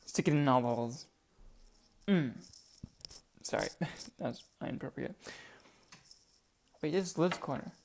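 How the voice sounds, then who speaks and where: A young woman hosting a podcast in casual chat, profane, excitable and rambling, talking into a desk microphone. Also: sits low, measured pace, long pauses, a little hiss or hum. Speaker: podcast host.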